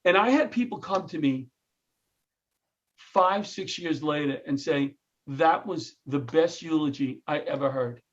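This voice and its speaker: Animated storytelling man, high voice. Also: a little slow, dull audio. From New York. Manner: animated, jokey storyteller who acts out quotes. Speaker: comedian and retired firefighter, guest. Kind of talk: storytelling interview.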